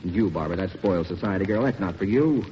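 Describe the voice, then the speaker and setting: Man, quick sarcastic comic delivery, lively swooping pitch, dull hissy 1941 radio sound. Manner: wisecracking, sarcastic, quick comebacks. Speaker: co-host and comedy actor. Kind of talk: scripted radio comedy banter.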